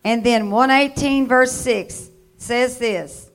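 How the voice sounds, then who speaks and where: A woman preaching in a church, reading scripture aloud and leading the congregation in repeating it. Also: high-pitched. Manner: reads scripture slowly, building to loud call-and-response. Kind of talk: sermon.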